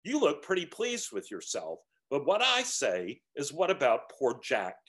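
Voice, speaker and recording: A man's voice: medium pitch, huge pitch swings, unhurried, fairly bright tone. A man voicing a big, resentful male ghost in a story reading, speaking in a raised, strained, indignant voice.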